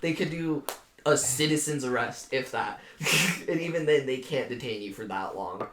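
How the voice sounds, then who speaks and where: A young podcast co-host tells a story among friends, sarcastic and heavy on the swearing, laughing along as he talks. His mid-range voice is fairly bright and moderately paced. The recording has a roomy echo and slight background noise.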